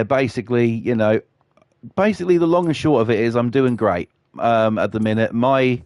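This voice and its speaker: A man's voice: on the low side, a little mellow, no echo. A British man chatting casually on his live stream, rambling and swearing a lot.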